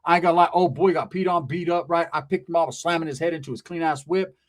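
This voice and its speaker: Brief: man, higher-pitched, animated comic storyteller, profane and slangy. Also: fast talker. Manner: profane street slang, animated, acts out voices. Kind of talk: comedic storytelling.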